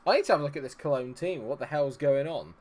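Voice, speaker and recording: A man's voice: on the high side, fast talker, a little mellow. A man streaming his own game, commentating live, exasperated, swearing and talking at the players on screen.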